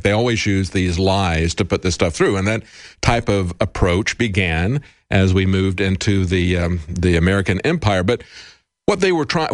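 A man's voice: fairly low pitch, no room sound, clean studio sound. A man co-hosting a political talk show, speaking in an emphatic, earnest, lecturing way. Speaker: co-host commentator.

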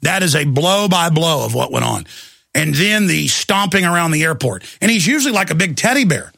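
A middle-aged man hosting a talk show, telling a heated story in a fast-shifting rant and acting out other people's voices. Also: fairly high pitch, sing-song, creaky, bright, forceful tone, no echo, clean studio sound. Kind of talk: ranting monologue.

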